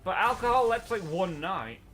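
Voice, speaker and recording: A man's voice: high-pitched, very animated, normal speed, fairly bright tone, faint music behind. A man chatting casually while playing a video game, rambling through stories and laughing often. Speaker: let's play host. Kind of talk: casual chat while gaming.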